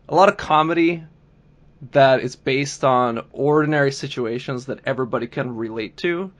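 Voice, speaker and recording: A man hosting a podcast, asking questions in a relaxed, casual way and often restarting his words. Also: medium pitch. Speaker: podcast host.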